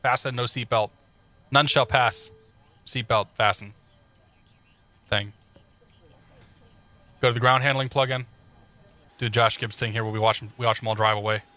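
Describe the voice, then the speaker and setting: A man's voice: mid-range voice, steady tone, normal speed, pauses often, pushed and bright. A man casually talking through cockpit checklists on a live stream, joking and greeting chat viewers as he goes. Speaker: flight sim streamer.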